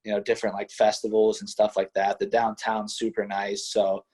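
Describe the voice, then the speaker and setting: A man's voice: on the low side, little pitch movement, normal speed, darkish tone, slightly rough. A young man from western Pennsylvania with a Pittsburgh accent blended with Midwest speech, chatting modestly as an interview guest with lots of "you know" and "like". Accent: Pittsburgh mixed with Midwest. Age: young adult. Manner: easygoing, modest, filler-heavy with many "you know" and "like". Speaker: college wrestler guest. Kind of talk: casual interview chat.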